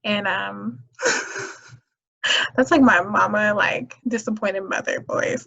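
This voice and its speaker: Husky-voiced woman chatting on a podcast. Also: medium pitch, expressive, takes it slowly, long pauses, sharp tone. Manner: chatty, storytelling, many fillers. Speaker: podcast host. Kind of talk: casual solo podcast chat. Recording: dull lo-fi recording.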